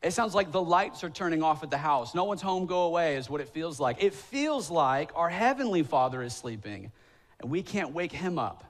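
Man, 30s, pastor, sermon, fairly high voice, conversational, self-deprecating, church sanctuary. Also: big pitch swings, normal speed. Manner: acts out quoted voices, rising to emphatic pleading.

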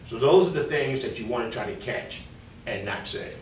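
A man's voice: mid-range voice, expressive, normal speed, a little hiss or hum. New York man giving class feedback. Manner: candid, conversational, mimics filler words while correcting. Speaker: public speaking instructor. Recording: echoey room, mic from a distance.

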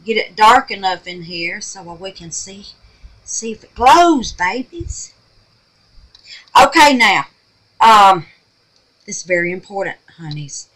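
Woman, craft vlogger, bright tone, homey chatty delivery, sweet-talks the viewers. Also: medium pitch, big pitch swings, takes it slowly, long pauses, rough recording. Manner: chatty, calls viewers babies and honey. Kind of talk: casual crafting tutorial. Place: home craft room.

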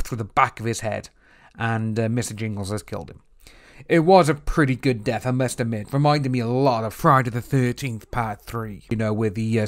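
A man casually recapping and reviewing a TV episode, slipping into quick acted-out reactions of the characters. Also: mid-range voice. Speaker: TV series reviewer.

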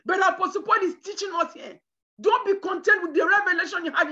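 A woman preacher delivering a sermon with emphatic, shouted bursts. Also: very high voice, fairly quick, lo-fi sound. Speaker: preacher at a women's conference.

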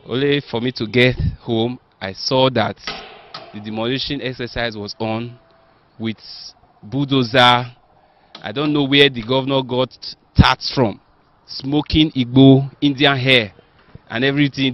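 A man's voice: mid-range voice, fairly even intonation, normal speed. A man, a resident, giving matter-of-fact but aggrieved interview testimony. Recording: dull, dry lo-fi audio.

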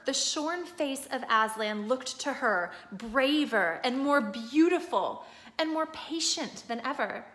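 Bright-voiced woman reading a story aloud. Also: high voice. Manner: steady expressive storytelling, pausing to explain pictures. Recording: echoey room.

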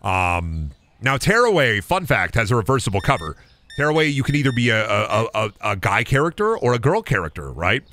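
Man streamer with a lively voice. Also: mid-range voice, a little fast. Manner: rambling, jokey, swears freely. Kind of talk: casual gameplay chat and storytelling.

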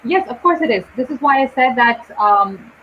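Slow, clearly spoken woman teacher. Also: a little high, lively intonation, a little hiss or hum. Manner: slow, deliberate, clear articulation with pauses. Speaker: English teacher hosting a live session. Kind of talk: live online English lesson. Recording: dull lo-fi live stream audio.

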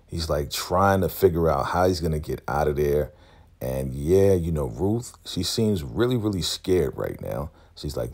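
A man casually recapping a TV episode, talking in an animated, storytelling way. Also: extremely low pitch, unhurried, husky. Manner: animated storytelling, acting out scenes. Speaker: TV recap vlogger.

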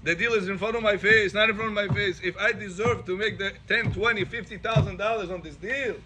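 A high-pitched man leads a class as a rabbi, telling stories and acting out each exchange. He delivers it with lively animation. The recording carries a clear layer of background noise. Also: a little fast. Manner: animated, acts out dialogue in stories. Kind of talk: storytelling Torah class.

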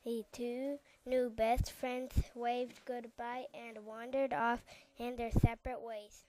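A woman reading a class-written picture story aloud in a careful, halting way. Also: on the high side, little pitch movement, dark tone, dry recording.

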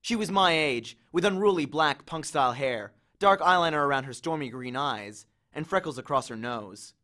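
Man reading an audiobook, higher voice. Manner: measured, expressive storytelling. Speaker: audiobook reader. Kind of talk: first-person audiobook narration.

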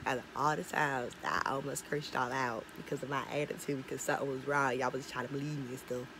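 A young woman vlogging casually, talking, swinging between murmured asides and excited squeals. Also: a bass voice, fast talker, noisy background. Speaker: small business owner launching an online store. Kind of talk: casual vlog chat.

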